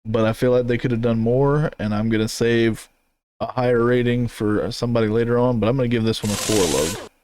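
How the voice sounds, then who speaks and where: A man's voice: medium pitch, fairly quick. A man co-hosting a podcast in casual chat, rambling and easygoing, laughing often. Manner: relaxed, rambling, laughs easily. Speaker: podcast co-host. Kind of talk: casual chat reviewing race car paint schemes.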